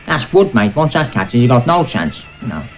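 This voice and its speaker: Actor playing a grumbling storyteller. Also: male voice, mid-range voice, very animated, moderate pace, faint music behind, natural voice, rough recording. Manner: grumbling, matter-of-fact, colloquial. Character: grumbling old-fashioned London man telling a story. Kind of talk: sketch comedy monologue.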